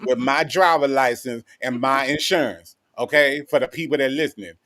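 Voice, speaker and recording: A man's voice: mid-range voice, moderate pace, fairly bright tone, dry recording. A man, co-hosting a livestream chat, mocking and laughing often. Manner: mocking, laughing often, drops into put-on street voice. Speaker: co-host.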